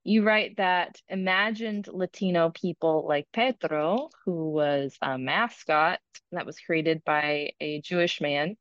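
A woman podcast host puts a carefully phrased question to her guest in a smooth, fairly low voice. Her audio is dry and dull, like a remote lo-fi recording. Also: no room sound. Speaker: podcast interviewer. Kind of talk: interview question.

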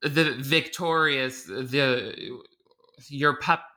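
A young man hosts a podcast in relaxed, joking conversation, laughing at himself along the way. His voice is strikingly bright and sits at an ordinary pitch for a man. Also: drawn-out words. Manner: chatty, self-deprecating. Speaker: podcast host. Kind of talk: casual chat.

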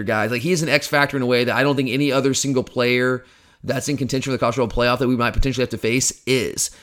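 Quick-talking male podcast co-host, casual and opinionated, tends to ramble. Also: mid-range voice, fairly bright tone. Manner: rambling, opinionated, self-deprecating. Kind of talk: casual sports podcast chat.

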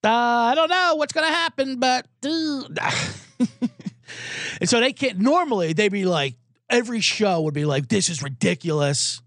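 Animated, sarcastic sports podcast man. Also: very high-pitched, moderate pace, dry recording, studio quality. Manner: sarcastic, profane, animated ranting. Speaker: sports betting podcast host. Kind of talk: comedic sports rant.

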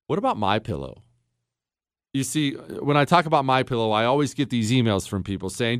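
A man's voice: medium pitch, expressive, a little fast, clean tone, dry recording, studio quality. A man from the Pittsburgh area with a Pittsburgh accent, hosting a radio talk show in a sarcastic, joking way. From Ohio, near Pittsburgh.

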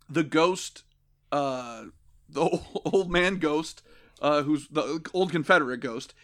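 Podcast co-host, man, sarcastic and crude, slightly higher voice, jokey recap delivery. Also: fairly bright tone. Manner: sarcastic, profane, acts out quotes in jokey voices. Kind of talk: casual comedic recap chat.

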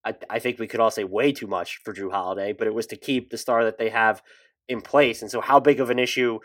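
A man's voice: fairly low pitch, steady tone, brisk, fairly bright tone. A man co-hosting a casual basketball podcast, thoughtful and hedging as he reasons aloud. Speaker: podcast co-host.

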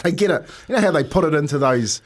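A man's voice: fairly high pitch, fast. An Australian man, a former footballer, telling a story on a casual chat show and laughing as he goes. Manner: laughs through his stories, animated. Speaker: podcast co-host, former footballer.

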